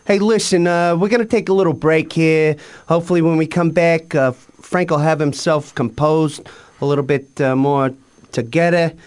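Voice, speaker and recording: A man hosting a comedy radio show in a calm, soothing way, keeping things moving. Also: a little high, moderate pace. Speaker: radio host.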